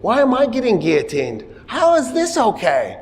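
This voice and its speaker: A man's voice: extremely high pitch, wildly swooping pitch, normal speed, a little hiss or hum, pitched above the performer's own voice, exaggerated voice. A lecturer voicing a panicked, indignant condemned man who cannot believe his fate, in a hall with long reverb. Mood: indignant disbelief.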